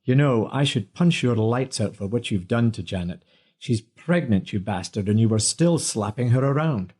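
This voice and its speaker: A man's voice: mid-range voice, lively intonation, moderate pace, a little mellow, breathy edge. A man voicing a young struggling singer, weary and seething.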